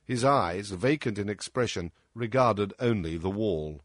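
A man reading a story aloud as narrator, in a measured, formal storytelling manner. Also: fairly low pitch, animated, no room sound, clean studio sound. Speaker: audiobook narrator. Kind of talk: scripted narration.

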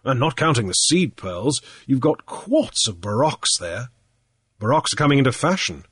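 A man voicing a cool sea trader, airy, brisk, halting, mid-pitched, close dry sound. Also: sing-song, a bit bright, slightly rough, no echo. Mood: cool, probing. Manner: brisk, airy, with little hesitations. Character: shrewd, cool adult male sea trader. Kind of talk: audiobook character voice.

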